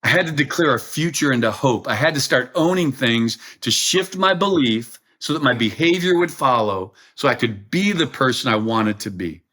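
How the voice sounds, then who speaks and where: A man's voice: medium pitch, lively intonation, moderate pace, few pauses, pushed and bright. A middle-aged man telling a personal story as a podcast guest, earnest and emotional. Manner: earnest, emotional, quotes himself.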